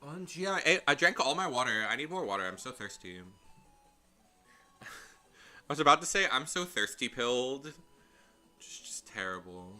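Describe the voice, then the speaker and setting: Man, game streamer, casual commentary, rambling, animated, bright voice. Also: medium pitch, normal speed, long pauses, soft background music.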